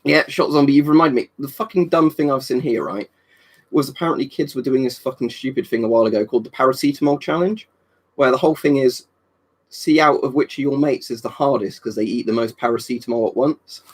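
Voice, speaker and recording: A young man hosts a relaxed live stream, talking off the cuff. His voice is husky and breathy. He swears freely and rambles from one reply to the next. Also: mid-range voice, fast. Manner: rambling, swears a lot, reads and answers chat. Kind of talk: casual live-stream chat.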